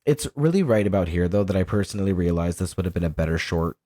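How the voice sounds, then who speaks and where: Male podcast co-host, lively pitch, casual and profane, laughs a lot. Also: fast. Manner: animated, swears freely, laughs often. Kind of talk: casual chat.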